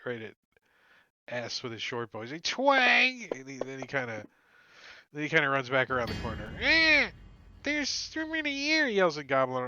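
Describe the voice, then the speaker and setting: A man's voice: mid-range voice, sharp tone, dry recording, muffled recording. A man narrating a tabletop game as game master, casual and chuckling, with many "like" and "uh" fillers.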